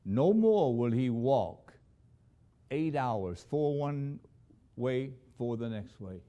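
A man preaching a sermon as a missionary, telling stories with dramatic swings between loud emphasis and hushed, low lines. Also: animated, slow pace.

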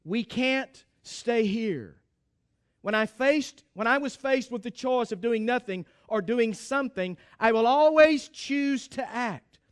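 Male preacher voicing a resolute Union colonel: grim, firm, high and resonant. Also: takes it slowly, clean tone, dry recording, studio quality. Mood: determined.

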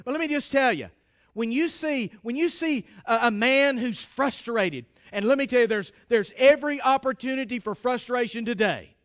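A man preaching from the pulpit in an unusually high voice for a man. He talks with insistent emphasis, stumbling over and repeating words as he presses each point, and he speaks straight to the congregation. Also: moderate pace, a bit bright. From United States. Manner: emphatic, repeats and restarts phrases, addresses the congregation directly. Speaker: pastor. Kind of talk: sermon.

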